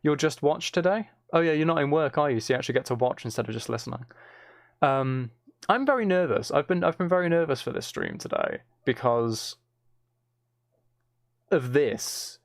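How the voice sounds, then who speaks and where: A man's voice: medium pitch, sing-song, normal speed, gravelly, dry recording, studio quality. A man chatting casually on a live stream, reading out viewers' messages and hesitating often.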